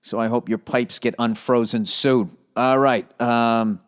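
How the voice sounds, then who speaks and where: A man's voice: medium pitch, steady tone, a little slow, smooth. A middle-aged man hosting a solo podcast, rambling sarcastically with lots of swearing and self-mockery. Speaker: podcast host.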